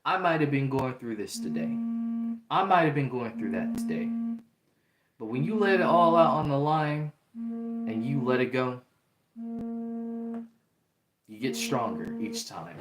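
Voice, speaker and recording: A man's voice: mid-range voice, very animated, a little slow, long pauses, loud music behind the voice. A young man hosting a livestream, talking in an earnest, repetitive way and reading out chat comments. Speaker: livestream host. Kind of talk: casual livestream talk. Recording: roomy echo.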